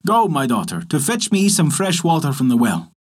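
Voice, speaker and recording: A man voicing a grumbling, easily angered father in a storybook tale, giving gruff orders. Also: on the high side, wildly swooping pitch, normal speed, heavily acted. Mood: commanding. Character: weary, grumbling old father of three girls. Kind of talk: storybook character voice.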